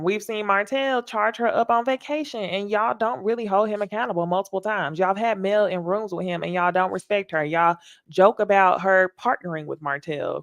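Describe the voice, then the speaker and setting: A woman's voice: fairly low pitch, no room sound, clean studio sound. A woman with a Southern American accent hosting a casual, candid recap talk show, chatty and emphatic. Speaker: host.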